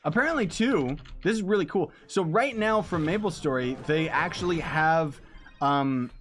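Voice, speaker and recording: A man's voice: fairly high pitch, expressive, normal speed, a bit bright. Rambling male game streamer. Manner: loose and rambling, slangy, talks to chat. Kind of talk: casual live-stream chat while gaming.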